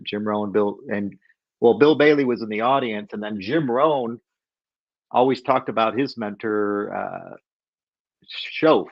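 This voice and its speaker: A middle-aged man telling a story as a podcast guest, animated and acting out the voices of people he quotes. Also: on the low side, no echo, dull audio.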